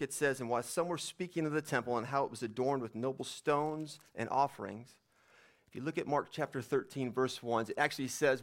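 Man preaching a sermon, plain mid-pitched voice. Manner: reads scripture aloud, then explains it conversationally. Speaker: pastor.

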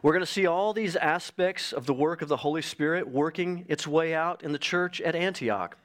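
A pastor delivering a Sunday sermon, a man whose voice sits a little high for his sex. He speaks earnestly, reading a passage aloud for the congregation and pressing on his main points with rising emphasis. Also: moderate pace. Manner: reads an illustration aloud to the congregation.

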